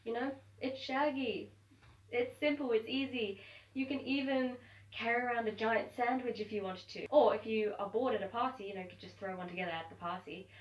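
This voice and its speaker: In her home, a young woman chats brightly to the camera for her vlog, speaking fairly quickly in a slightly high voice. The audio is dull and roomy, picked up from some distance away.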